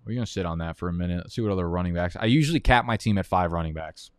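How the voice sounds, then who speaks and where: A man's voice: low voice, rapid-fire, clean tone, no echo, clean studio sound. Profane, ranting fantasy football streamer man. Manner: profane, rambling, heated rants with restarts. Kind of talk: casual live-stream commentary while drafting.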